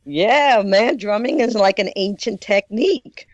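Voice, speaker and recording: A man's voice: high-pitched, a little slow, no room sound. A man with an accent, a guest talking casually about drumming, rambling with many fillers. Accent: non-native English. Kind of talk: casual chat. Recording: dull muffled sound, dry room.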